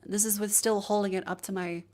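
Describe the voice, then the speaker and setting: A woman's voice: mid-range voice, steady tone, brisk, a little mellow. A woman streaming live, chatting casually and joking as she moves a handheld mic around to test it. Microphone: handheld mic moved around while testing.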